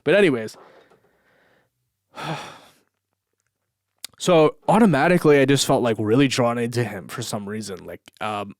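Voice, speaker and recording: A man's voice: medium pitch, no echo. Rambling man, dry sound. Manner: rambling, swears a lot, many fillers. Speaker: podcast host. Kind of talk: casual storytelling monologue. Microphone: camera mic.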